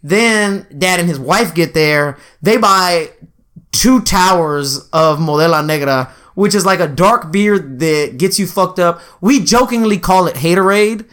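A man's voice: high-pitched, expressive, measured pace, a bit bright, clear, resonant tone. A man hosting a podcast, telling a rambling, crude story with lots of fillers. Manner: crude, rambling, lots of fillers and "you know what I'm saying". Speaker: podcast host. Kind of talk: casual storytelling chat.

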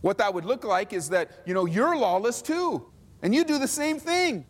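A man preaching a sermon as a pastor, lively and acting out mocking voices of others. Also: sits high, normal speed, big-room sound.

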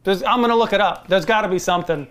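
A podcast co-host chats about a film, hesitating and second-guessing at times. The co-host also makes playful, insistent claims. The voice sits in a mid-range pitch. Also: very fast, fairly bright tone, soft background music. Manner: hesitant, self-questioning, then playfully insistent. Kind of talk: casual movie-discussion chat.

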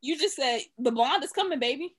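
A woman co-hosting a podcast in casual chat, laughing often and chiming in with quick quips. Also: high voice, lively intonation. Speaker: podcast co-host.

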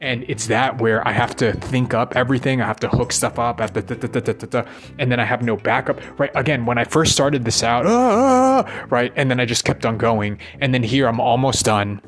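Mid-pitched man, rambling and foul-mouthed vent session, faint music under. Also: fairly even intonation, fairly quick. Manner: profane, ranting, keeps asking "right?". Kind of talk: rambling monologue.

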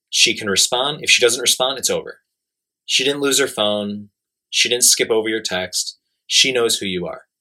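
Blunt man giving dating advice, bright tone. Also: on the low side. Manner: blunt, emphatic, repeats himself. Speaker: dating coach. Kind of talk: casual advice talk.

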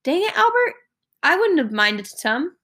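A woman's voice: high voice, a little slow, pitched above the performer's own voice, full character voice. A woman reading aloud as a bold, chatty schoolgirl who teases her friends. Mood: teasing. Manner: lively, teasing.

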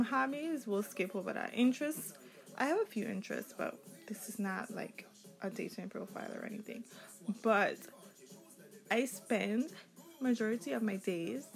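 A woman's voice: medium pitch, gravelly, poor audio. A young adult woman with a Caribbean accent, hosting a casual solo podcast in a rambling, chatty, candid way. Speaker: podcast host.

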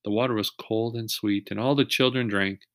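A man reading a children's chapter book aloud in a steady voice, pausing now and then to ask young listeners questions. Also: lowish voice, no echo, studio quality. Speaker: reader.

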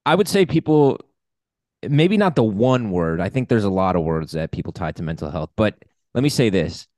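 Male podcast co-host, low-ish voice, dry close sound, upbeat explainer. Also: big pitch swings, normal speed, a little mellow, dry recording. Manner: upbeat, explains definitions at length. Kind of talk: casual conversational podcast.

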